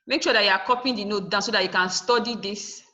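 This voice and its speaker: A woman's voice: mid-range voice, fast talker, pushed and bright, rough recording. A woman teacher giving a lesson over a video call, firm and instructive, spelling out word endings letter by letter. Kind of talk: online class lesson.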